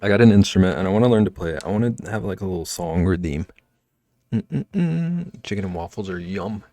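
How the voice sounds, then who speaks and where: A man's voice: low voice, steady tone, very fast, warm tone, dry recording. A man livestreaming, chatting casually and teasing his viewers as he reacts to chat from home.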